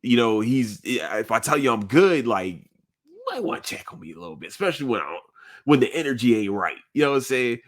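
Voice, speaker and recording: A man's voice: medium pitch, very animated, fairly quick. A man hosting a podcast in casual chat, earnest and rambling, full of slang and swearing. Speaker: podcast host.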